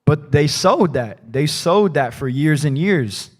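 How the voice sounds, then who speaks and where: Casual higher-pitched male preacher. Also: animated, slow pace, darkish tone. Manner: casual, rambling, peppered with "like" and "right?". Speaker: pastor. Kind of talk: conversational sermon. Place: church.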